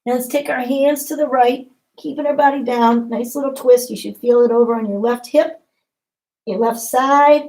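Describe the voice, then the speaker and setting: A woman talks a class through yoga poses one cue at a time, calm and encouraging. Her voice sits a little on the high side. She keeps a steady, guiding tone as she instructs. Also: normal speed, poor audio. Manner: calm and encouraging, step-by-step cues.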